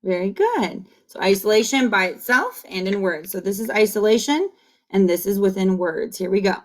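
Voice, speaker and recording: A woman teaching kindergarten phonics on video, drilling sounds slowly and cheering the children on. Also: mid-range voice, animated. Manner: slow, encouraging call-and-repeat drilling. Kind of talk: online phonics lesson. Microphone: camera facing the speaker.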